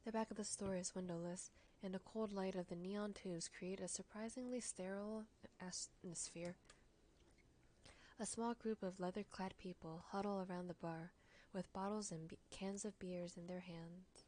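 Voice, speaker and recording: A woman streamer reading a story game aloud in a relaxed way, sometimes dropping into a hush. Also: medium pitch, normal speed, a little hiss or hum.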